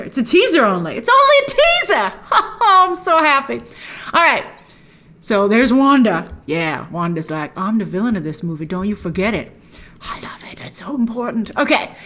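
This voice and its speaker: A woman's voice: mid-range voice, fairly bright tone. A woman hosting a film trailer review show, chatting through a breakdown with enthusiastic, playful asides. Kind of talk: casual trailer breakdown commentary.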